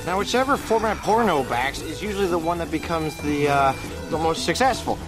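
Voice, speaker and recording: A man plays a chatty young soldier who talks on and on, stalling with filler words between thoughts. His voice sits a little high for a man. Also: fairly quick, music in the background, natural voice, rough recording. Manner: rambling, hesitant, with many fillers.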